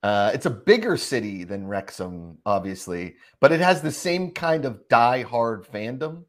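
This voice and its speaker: A man's voice: mid-range voice, very animated, measured pace. A man in his forties from Pittsburgh, co-hosting a live comedy and sports show in a casual, rambling way with lots of fillers. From Pittsburgh, Pennsylvania. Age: 40s. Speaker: co-host.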